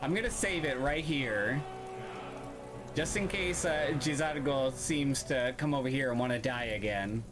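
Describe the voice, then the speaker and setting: A man's voice: mid-range voice, measured pace. A man streaming a video game, commenting casually and swearing freely as he talks to the game and his viewers. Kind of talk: let's-play gaming commentary. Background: game music.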